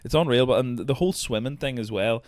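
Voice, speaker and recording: A man's voice: mid-range voice, fast, no echo. Laid-back man hosting a podcast. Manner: rambling, swears freely, laughs a lot. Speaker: podcast host. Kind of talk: casual chat.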